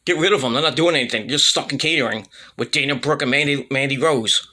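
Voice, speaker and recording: A man's voice: mid-range voice, fast, bright, forceful tone. A man giving a casual, rambling solo review rant about wrestling, full of fillers and restarts, blunt and irreverent.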